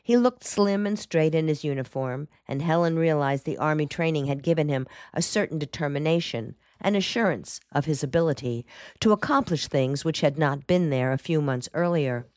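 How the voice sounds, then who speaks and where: Low-voiced woman narrating a novel. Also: normal speed, a little mellow, no echo, studio quality. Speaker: audiobook narrator. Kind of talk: scripted narration.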